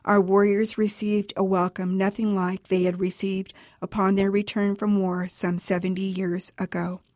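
A woman's voice: mid-range voice, flat delivery, moderate pace, a little mellow, no room sound. Woman reading her own story, dry sound. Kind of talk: radio reading of a personal account.

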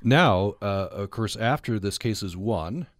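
A man's voice: lowish voice, expressive, measured pace, no echo. A man hosting a radio interview, hesitant and repeating words as he forms his questions. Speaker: radio host.

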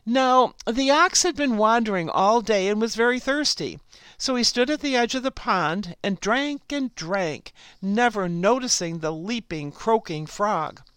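Slow, clear-voiced woman storyteller. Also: fairly high pitch, expressive, fairly bright tone, no echo. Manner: slow, unhurried read-aloud delivery. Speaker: program host and storyteller. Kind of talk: scripted story narration.

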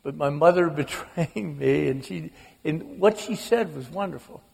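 Male author, wry humorous storyteller, raised gravelly voice, auditorium reverb. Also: a little high, a little slow, darkish tone. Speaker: author guest. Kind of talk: storytelling on stage. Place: large auditorium with live audience. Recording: long echo of a big auditorium.

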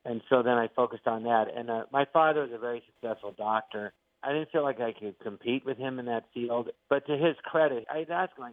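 A man's voice: medium pitch, brisk, dry recording. A middle-aged male actor and comedian, a guest telling stories in a casual interview, acting out the quotes. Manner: animated storyteller, acts out quotes. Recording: tinny phone line, dry.

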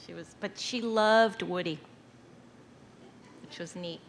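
A woman telling lively anecdotes in an interview, laughing often and acting out quoted voices. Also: fairly low pitch, slow pace, gravelly, a little hiss or hum. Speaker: storytelling guest.

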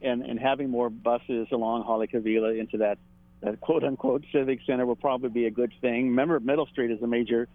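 A man's voice: mid-range voice, fairly even intonation, fast, no room sound. Man on a tinny, dry phone line. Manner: conversational, chuckles often. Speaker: political editor. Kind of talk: radio analysis segment.

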